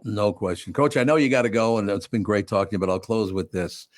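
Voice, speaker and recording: A man's voice: lowish voice, a little fast, dry recording, clean studio sound. An older man from Minnesota hosting a radio talk show, chatting and telling rambling stories with many restarts. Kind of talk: casual interview chat.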